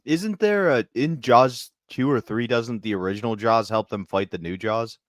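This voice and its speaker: A man co-hosting a comedy podcast, riffing in an animated, profane way. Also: medium pitch, normal speed, no room sound, clean studio sound. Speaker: podcast co-host. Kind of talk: casual comedic chat.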